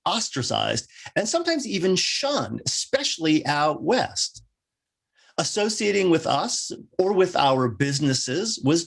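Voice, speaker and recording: Guy minister giving a sermon, kinda gravelly, jokey asides, pitch jumps up for emphasis. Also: a bit bright. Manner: wry, joking asides.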